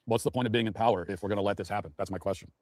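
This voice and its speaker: Male pundit, rapid indignant rant, dead-dry studio mic. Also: lowish voice, steady tone, darkish tone, no room sound. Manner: indignant, mocking, ranting. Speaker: political commentator. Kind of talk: heated political commentary.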